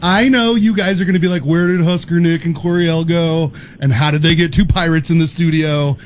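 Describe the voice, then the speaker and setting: A man's voice: a little high, fairly even intonation, brisk, a little hiss or hum. A man co-hosting a morning radio game show, joking around and tossing in pirate growls. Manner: playful, jokey, drops in pirate growls.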